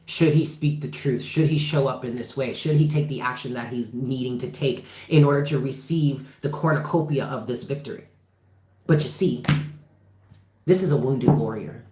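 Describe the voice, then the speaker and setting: An impassioned tarot reader talking straight to viewers in a livestream, pressing points hard and swearing freely. The voice sits mid-pitch, and the room gives it a roomy echo. Phrases come back again and again for emphasis. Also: a little mellow.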